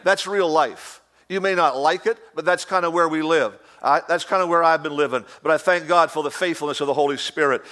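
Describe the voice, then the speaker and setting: A man's voice: fairly high pitch, fairly quick, hardly any pauses, fairly bright tone. A man preaching a sermon, emphatic and repetitive, mixing in humorous asides. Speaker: pastor.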